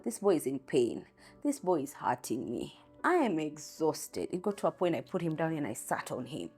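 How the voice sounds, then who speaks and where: A woman's voice: sits low, sing-song, moderate pace, darkish tone, breathy edge, soft background music. A young Kenyan mother telling a raw, candid personal story about a hard day.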